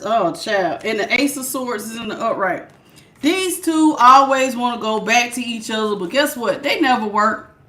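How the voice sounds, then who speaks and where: Loud, blunt woman tarot reader; high, carrying voice, sassy, laughs often, close on a good mic. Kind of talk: live tarot reading, chatting with viewers. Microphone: good studio mic.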